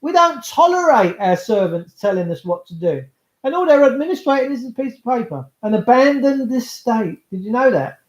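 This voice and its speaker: High-voiced rambling Englishman, roomy sound. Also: very animated, normal speed. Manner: rambling, chatty, talks straight to viewers. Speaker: livestream host. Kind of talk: casual livestream monologue. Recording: roomy, slightly dull sound.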